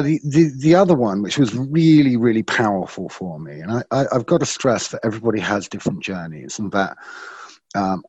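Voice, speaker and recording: A man tells his personal story in an earnest, reflective way as a podcast guest. His voice is low and husky, and it often slows for emphasis. The sound is dry and close. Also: darkish tone, no echo, muffled recording.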